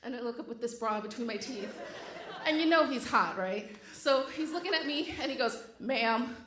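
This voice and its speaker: A woman's voice: high-pitched, lively intonation, fairly quick, reverberant, noisy background. A woman telling a true story on stage with a wry, comic delivery. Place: stage before a live audience.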